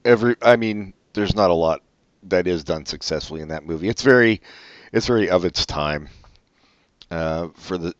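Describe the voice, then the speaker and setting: A man with a very low voice chatting casually about films, wandering through his thoughts and cursing at his own slips. The sound is dry and a bit dull and lo-fi. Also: normal speed, no room sound. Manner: rambling, trailing off, swears at slips. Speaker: podcast co-host. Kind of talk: casual film chat.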